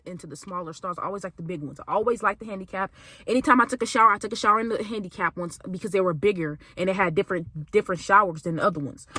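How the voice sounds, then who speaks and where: Bright-voiced young woman telling a story. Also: mid-range voice. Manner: animated, exclamatory, speaks straight to viewers as "y'all"; repeats phrases for emphasis. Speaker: vlogger telling a college story. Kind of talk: storytime vlog.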